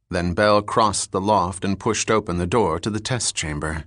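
Man, audiobook narration, low voice, even measured delivery, dry close recording. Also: dry recording. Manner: measured, even reading with terse character dialogue. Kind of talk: scripted narration.

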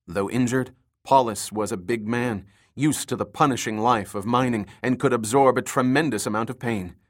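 A man reading a thriller novel aloud as an audiobook narrator, in a steady storytelling manner. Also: medium pitch, moderate pace. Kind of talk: scripted narration.

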